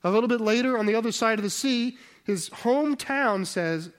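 His pitch sits extremely high, and he speaks expressively and a little quickly. The man preaches in a conversational way, asking rhetorical questions and repeatedly correcting himself and starting sentences over.

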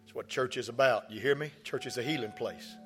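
A man, preaching a sermon as pastor. He tells stories and rises to impassioned shouts. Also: medium pitch, brisk. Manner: storytelling, rising to impassioned shouts. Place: large church hall. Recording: reverberant church hall with soft music.

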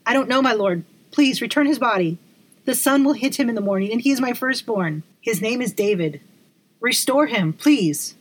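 A woman's voice: medium pitch, moderate pace, breathy edge, close to an everyday voice. A woman voicing a humble, desperate female vampire nun who begs for help. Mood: desperate pleading. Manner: beseeching, pleading.

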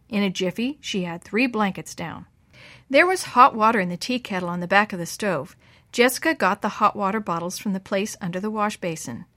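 A woman's voice: mid-range voice, sharp tone, dry recording. Woman reading a children's story, dry sound.

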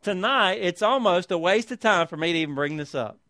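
High-voiced preacher man, dry sound. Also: animated, brisk, pushed and bright, no echo. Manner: preaching with rhetorical tag questions; reads scripture aloud with emphasis. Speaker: pastor. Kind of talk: sermon.

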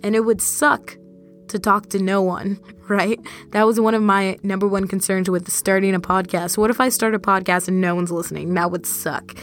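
A young woman talks straight to her listeners in a casual, chatty solo podcast, her voice sitting at an ordinary middle pitch. Faint music plays softly beneath her. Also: fairly even intonation, normal speed. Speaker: podcast host.

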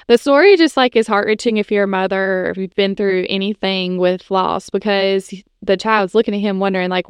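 A woman's voice: medium pitch, a little fast, few pauses, clear, resonant tone, no room sound. Chatty woman sharing a faith story. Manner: casual, chatty, frequent "like" and "you know". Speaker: podcast host.

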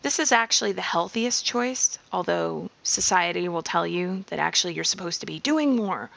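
A woman talks in a slow, reflective monologue, her voice sitting low with a strong gravelly fry. She takes her time and keeps it calm and measured. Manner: slow, measured, drops into whispers.

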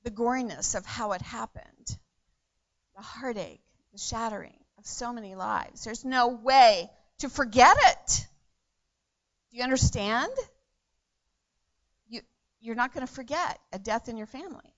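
Earnest woman preaching, slow and lo-fi. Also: on the high side. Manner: earnest, repeats phrases, swings from hushed to loud. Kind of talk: sermon.

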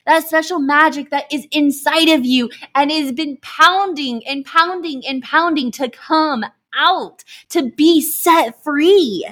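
A woman's voice: high voice, slow, hardly any pauses, a bit bright. A woman hosting a motivational podcast, talking in a gushing, emphatic way and swearing for emphasis. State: emotional, near tears. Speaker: podcast host.

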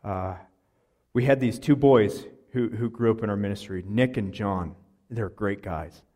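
A man's voice: lowish voice, measured pace, mellow. A man preaching a sermon, telling a personal story in an earnest, conversational way with fillers and restarts. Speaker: pastor.

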